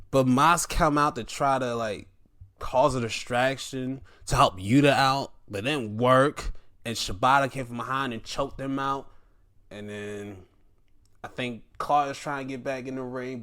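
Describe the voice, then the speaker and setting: A man's voice: mid-range voice, a bit bright, smooth, no echo, clean studio sound. A man giving a casual, slangy wrestling review who acts out quotes and laughs often.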